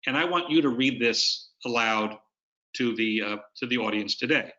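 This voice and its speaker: Webinar presenter, man, bright and forceful tone, coaching style, dull lo-fi video-call sound. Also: mid-range voice, moderate pace. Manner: coaching, explains with demonstrations. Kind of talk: instructional webinar talk.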